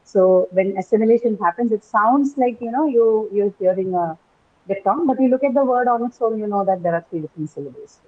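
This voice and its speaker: A woman's voice: mid-range voice, a little fast. A woman teaching an English class online, patiently repeating words and questioning her students. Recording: tinny phone-like call audio.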